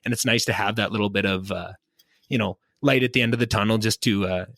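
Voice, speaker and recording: Fast-talking bright-voiced man, casual host. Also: lowish voice, steady tone, vocal fry, no echo. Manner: rambling, self-deprecating, many restarts. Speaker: podcast host. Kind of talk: casual chat. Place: home basement. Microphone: podcast mic.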